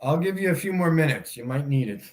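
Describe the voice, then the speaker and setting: A man hosts a livestream, mocking and taunting his chat while laughing often. His animated voice runs on the high side, and his delivery is slow and drawn out with big swings in loudness.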